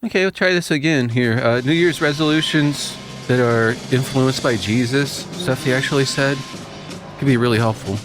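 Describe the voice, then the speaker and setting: Over music, a man with a mid-range voice hosts a casual radio talk show at normal speed. His chat is earnest, rambling and self-deprecating.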